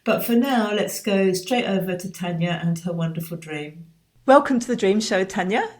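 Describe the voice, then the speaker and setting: A woman's voice: mid-range voice, animated, moderate pace. A woman hosting a podcast interview, friendly and welcoming. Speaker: host.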